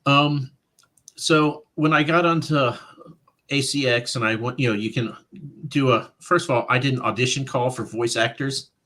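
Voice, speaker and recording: Male author guest, conversational, animated, self-quoting storyteller. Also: medium pitch, normal speed. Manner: animated, quotes his own thoughts in voices, laughs often. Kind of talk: casual interview chat.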